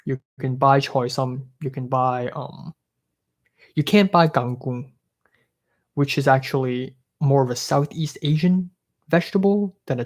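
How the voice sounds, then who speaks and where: Profane and fed up, this young Hong Kong streamer delivers a sarcastic, offhand rant during a live stream. He speaks in a mid-range voice with a darkish tone.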